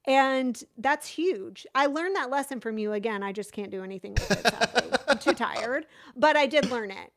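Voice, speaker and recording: A woman with a somewhat high voice hosts a casual podcast chat from a remote setup. She is dramatic and self-deprecating, and her talk comes in quick, theatrical bursts. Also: lively intonation, fairly bright tone. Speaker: podcast host. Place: home studio on a remote call.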